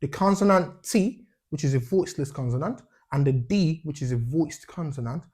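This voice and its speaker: A man's voice: on the high side, moderate pace, darkish tone. A man teaching an English pronunciation lesson, repeating sounds as drills and checking in with a questioning "yeah?" after each point.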